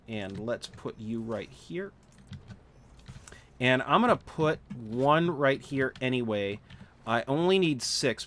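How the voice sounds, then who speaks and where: A man's voice: mid-range voice, a bit bright. Sleepy man rambling through gameplay. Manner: rambling, thinking aloud with many fillers and restarts. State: sleepy, yawning repeatedly. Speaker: gaming livestreamer. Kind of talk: casual live gameplay commentary.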